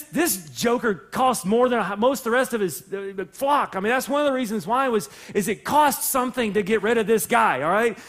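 A pastor preaches from the pulpit of a church sanctuary, his voice sitting high for a man. He talks in an animated, joking way and slips into playful voices to act out the characters he describes. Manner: animated, jokey, acts out voices of people and God. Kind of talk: sermon.

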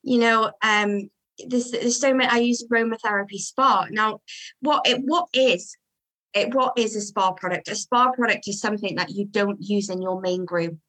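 In a relaxed interview, this dog groomer talks in a chatty, lively way and acts out what her customers say. Her voice is mid-range at a moderate pace, captured on a low-quality recording.

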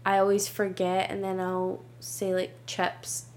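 A woman's voice: medium pitch, completely flat delivery, measured pace, a little mellow, a little hiss or hum. A young woman from Scotland with a Scottish accent, chatting casually as a guest, with lots of "like" and giggles. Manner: chatty, giggly, says "like" a lot. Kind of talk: casual chat.

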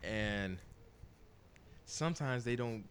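A man's voice: mid-range voice, lively intonation, takes it slowly, slight background noise. A man hosting a podcast, giving blunt advice in a laid-back, casual chat. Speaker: podcast host.

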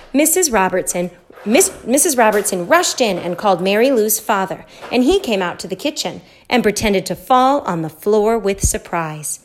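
A woman reading a children's book aloud in a lively, expressive way. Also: medium pitch. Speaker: storyteller.

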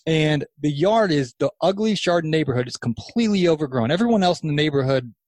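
A man in his thirties, a podcast guest, telling a long story in casual chat, animated and rambling with restarts. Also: a little high, quick pace, dry recording. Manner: animated, acts out quoted voices, rambling restarts. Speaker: podcast guest, lawn care business owner.

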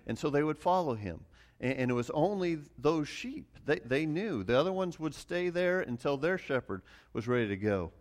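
A middle-aged man preaching a relaxed sermon, mixing farm stories with scripture in a conversational, self-deprecating way. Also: fairly high pitch, moderate pace. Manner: conversational, many restarts and fillers, chuckles at himself. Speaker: pastor. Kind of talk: casual sermon with personal stories.

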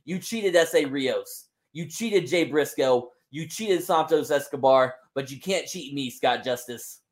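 A man's voice: mid-range voice, animated, unhurried, lightly acted. A man voicing a proud, intense male wrestler delivering a scornful challenge promo. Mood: defiant.

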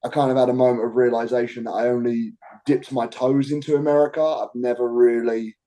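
Cockney wrestler interviewed, warm dark tone, hesitant and rambling. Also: male voice, medium pitch, level tone, fairly quick, poor audio. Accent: Cockney English. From England. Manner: rambling, hesitant, full of fillers like "like". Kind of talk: interview conversation.

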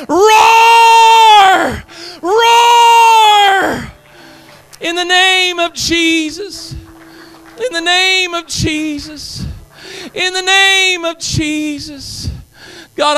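A pastor preaching a fervent sermon and prayer, often shouting and repeating phrases in a chanting rhythm. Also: male voice, very high voice, very echoey, recorded from a distance, rough recording. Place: church sanctuary.

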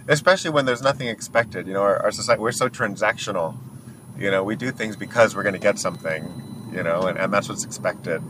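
A man's voice: fairly low pitch, a little fast. A man riding as a passenger, chatting reflectively and agreeing often with short affirmations. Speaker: rideshare passenger guest. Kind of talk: casual chat. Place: inside a car. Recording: noisy car interior. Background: vehicle ambience.

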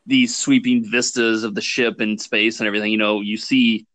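A man co-hosting a casual podcast, explaining his views in a measured, thoughtful way. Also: on the low side, little pitch movement, a bit bright, no room sound. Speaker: podcast co-host. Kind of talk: casual chat.

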